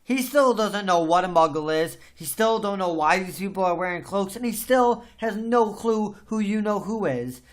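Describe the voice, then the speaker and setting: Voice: mid-range voice, lively intonation, normal speed, few pauses. A podcast host in a casual book discussion, talking emphatically and venting strong opinions.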